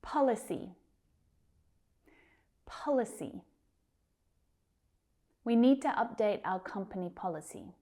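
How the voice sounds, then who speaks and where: A woman teaching English pronunciation, carefully repeating each word slowly. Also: mid-range voice, expressive, warm tone. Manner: careful, drawn-out repetition of words. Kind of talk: slow pronunciation lesson.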